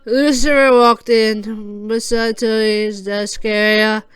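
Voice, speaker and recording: A storyteller reading a fan audio story aloud, halting and restarting as they go. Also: mid-range voice, little pitch movement, clear, resonant tone, no room sound.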